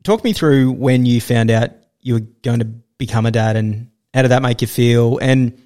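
A man hosting a podcast, asking relaxed, encouraging follow-up questions. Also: mid-range voice, normal speed. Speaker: podcast host. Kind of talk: conversational interviewing.

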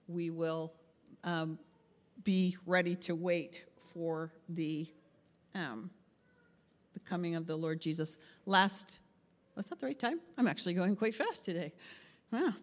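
A woman pastor giving a chatty, interactive sermon and asking the group questions. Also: on the low side. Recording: long hall reverb.

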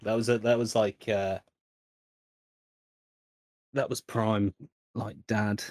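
A man's voice: fairly low pitch, level tone, takes it slowly, a little mellow, no room sound. A man co-hosting a casual podcast, rambling and swearing freely as he tells a joke story. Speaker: podcast co-host.

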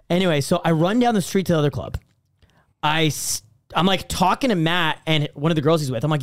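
A man's voice: high-pitched, fast talker, no room sound, clean studio sound. A young man chatting casually on a podcast, telling stories and acting out quotes with lots of filler words. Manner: animated storytelling, acting out quotes. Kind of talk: casual chat.

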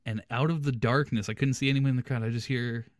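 A man's voice: medium pitch, steady tone, quick pace, no echo, studio quality. A young man hosting a podcast, telling a funny story casually and animatedly, laughing as he goes. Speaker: podcast host.

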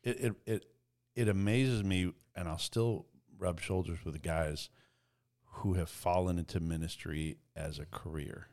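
A man's voice: deep voice, steady tone, measured pace, darkish tone. A man hosting a leadership podcast, reflecting and affirming his guest in casual conversation. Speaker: podcast host. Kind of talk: casual interview chat.

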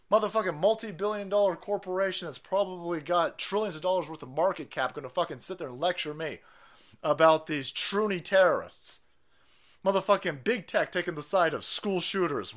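A man's voice: high-pitched, fairly bright tone. A man hosting a livestream, ranting in profane political commentary with a mocking, sarcastic manner and frequent laughter. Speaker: livestream host.

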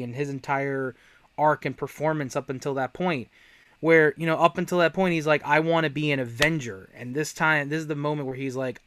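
A man's voice: medium pitch, a bit bright, a little hiss or hum. A man on a casual movie discussion, speaking earnestly and with heartfelt enthusiasm.

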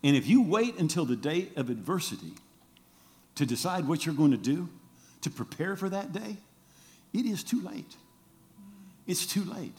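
Middle-aged man, pastor giving a sermon, lively swooping delivery, acts out the people in his stories. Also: normal speed, long pauses. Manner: animated storytelling, acts out quoted voices with big pitch jumps.

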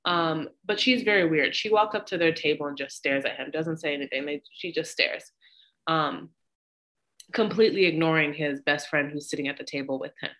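A young woman with a somewhat low voice recaps a movie for a podcast. She is blunt and swears freely. She tells the story with animated, opinionated energy. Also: fairly quick, poor audio. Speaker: podcast co-host. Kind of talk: casual movie recap chat.

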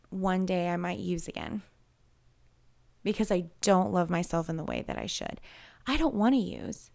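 Candid woman with a gravelly edge. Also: mid-range voice, darkish tone. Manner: open, emotional, rambling with restarts. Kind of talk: candid personal conversation.

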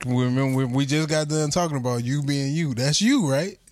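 A man's voice: mid-range voice, a little fast, darkish tone, dry recording. A man co-hosting a casual podcast, teasing the others in an easygoing, laughing manner. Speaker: podcast co-host. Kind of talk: casual chat.

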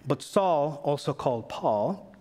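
A man preaching a sermon in a casual, animated way, acting out the voices of figures in the story. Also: on the high side, slow. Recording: long hall reverb.

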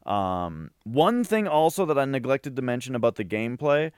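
A man in a casual podcast chat who rambles excitedly, with lots of fillers and restarts. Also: medium pitch, normal speed, clear, resonant tone, dry recording, clean studio sound. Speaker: podcast co-host.

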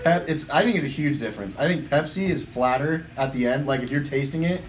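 A man's voice: fairly high pitch, brisk, slight background noise. A young man co-hosting a casual podcast who rambles, laughs often and loses his thread. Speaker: podcast co-host. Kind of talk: casual group chat.

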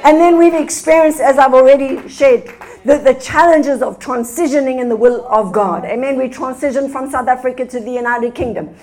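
High-voiced older woman preaching. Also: normal speed. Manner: animated storytelling preacher, rising to fervent exclamations. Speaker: guest minister. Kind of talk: sermon.

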